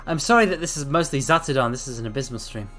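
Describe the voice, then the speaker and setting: A man's voice: mid-range voice, sharp tone. A man streaming and chatting casually while out of breath, rambling and apologetic, repeating himself. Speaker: VTuber streamer. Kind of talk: casual livestream chat.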